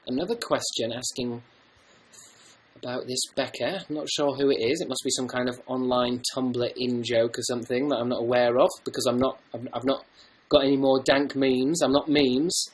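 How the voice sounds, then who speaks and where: A young man chatting on a livestream from home in a mid-pitched voice. He reads out viewer questions and answers with rambling, self-deprecating jokes and quick asides. His delivery is loose and conversational. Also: rough recording. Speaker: livestream host. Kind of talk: casual livestream chat, reading viewer comments.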